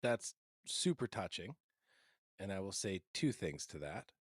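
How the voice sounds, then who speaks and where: A man co-hosting a podcast, reacting in a relaxed, wry way during casual chat. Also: deep voice, unhurried, husky, dry recording, studio quality. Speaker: podcast co-host.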